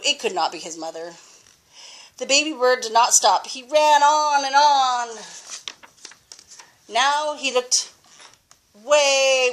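Slow, patient grandmother reading aloud. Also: fairly high pitch, slight background noise. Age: older. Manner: slow, patient, expressive, pausing to ask the child questions. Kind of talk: reading a picture book aloud.

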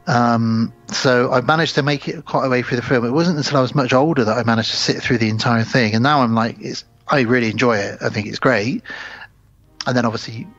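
A man's voice: medium pitch, fairly quick, hardly any pauses, fairly bright tone, no room sound, faint music behind. Rambling male podcast host, dry dull sound. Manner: rambling, recounts scenes and acts out quotes. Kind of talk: casual film chat.

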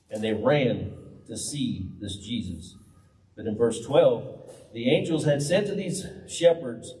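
A man preaching a folksy, humorous storytelling sermon in a church. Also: mid-range voice. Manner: animated, humorous, conversational. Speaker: pastor. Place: church hall. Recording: roomy hall, distant mic.

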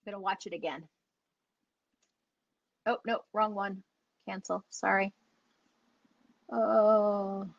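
A woman's voice: mid-range voice, steady tone, slow, vocal fry, pauses often, no room sound. A woman dog trainer teaching online, chatty and enthusiastic, acting out the dogs as she explains. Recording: dull lo-fi audio.

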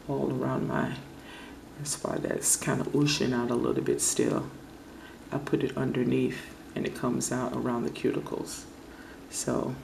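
A woman chats through her manicure in a casual vlog, gushing about the results and repeating her compliments. Her voice is deeply gravelly and full of fry, and she talks at a slow, easy pace. A faint ambience sits behind her. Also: darkish tone, a little hiss or hum. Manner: gushing, repeats praise words. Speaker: nail vlogger. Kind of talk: casual product show-and-tell.

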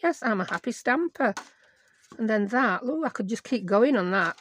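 A woman's voice: on the high side, lively intonation, normal speed, slight background noise. A middle-aged woman, hosting a chatty crafting tutorial and rambling to herself as she works. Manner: rambling, self-mocking, talks to herself while working. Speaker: craft channel host.

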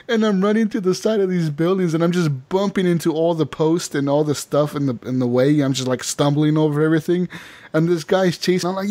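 A man hosting a casual gaming podcast, telling animated stories and laughing often. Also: on the high side. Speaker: podcast host. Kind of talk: casual chat.

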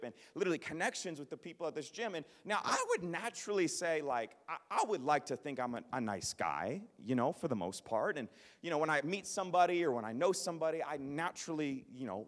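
A man's voice: a little high, a little fast. Male pastor telling a funny story, bouncy voice, lots of echo from a big church hall. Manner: animated, self-deprecating, joking. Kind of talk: sermon with personal storytelling. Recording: long reverb of a large hall.

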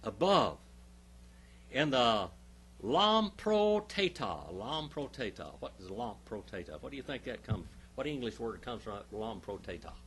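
A man's voice: on the low side, expressive, normal speed, hardly any pauses, a little hiss or hum. A male pastor teaching a Bible class, emphatic, stopping often to quiz his listeners with questions.

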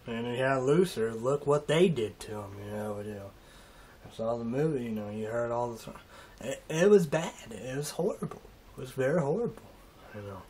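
Speaking in an animated way with a mid-range, somewhat dark tone, a male vlogger delivers a rambling, halting, emotional monologue in a casual vlog, repeatedly trailing off and starting over.

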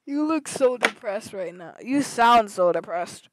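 Woman gamer, casual and teasing, high-ish, very animated delivery. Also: measured pace, dry recording, rough recording. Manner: playful, teasing, laughs often. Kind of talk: casual gaming chat.

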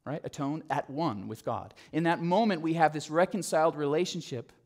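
A male pastor preaching a sermon, telling the story with animation and dropping to a soft, low voice on key phrases. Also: normal speed. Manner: animated storytelling, acting out quotes.

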